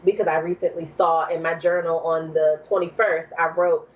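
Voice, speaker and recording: Brief: woman guest, from New Jersey, lively storyteller full of "um" and "like", slightly muffled recording. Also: sits low, normal speed. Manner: animated, acts out quoted speech, many fillers. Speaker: podcast guest. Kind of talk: personal storytelling.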